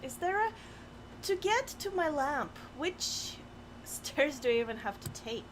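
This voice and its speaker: High, lively, excitable woman gamer. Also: a little slow, slight background noise. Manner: excitable, laughing, flustered. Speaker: streamer co-host. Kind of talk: casual chat while playing a game.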